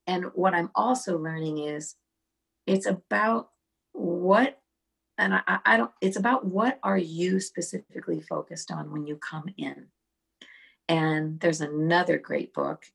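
A middle-aged woman with a low, gravelly voice and a husky, breathy edge. She tells animated stories as a podcast guest, often restarting her sentences. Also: normal speed. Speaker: songwriter guest. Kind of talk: casual podcast conversation.

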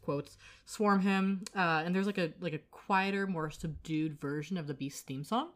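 A woman with a somewhat low voice chats casually on a podcast and recaps a story at length. She fills her talk with "um" and "like" and slips into the characters' lines as she goes. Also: normal speed. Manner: chatty, acts out quoted lines, lots of fillers. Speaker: podcast co-host.

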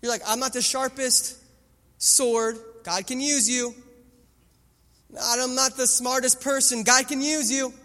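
A man's voice: very high-pitched, little pitch movement, unhurried, pushed and bright. A man in his thirties preaching a sermon, telling stories animatedly and acting out the voices of the people in them. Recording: long hall reverb with faint music.

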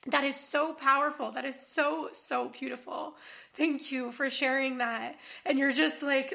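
A woman's voice: sits high, fairly even intonation, a little slow, vocal fry, bright, forceful tone. A woman hosting a podcast interview, effusive and heartfelt, swearing casually as she talks. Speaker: podcast host.

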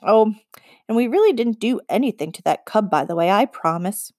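A woman's voice: mid-range voice, lively intonation, moderate pace, a little mellow, dry recording, studio quality, lightly acted. A woman voicing a nervous, earnest young boy who talks hesitantly.

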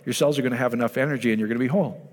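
A man delivers a rapid-fire sermon full of lively storytelling, often slipping into the voices of the people he describes. His voice sits at an ordinary middle pitch, and a long hall reverb trails each phrase.

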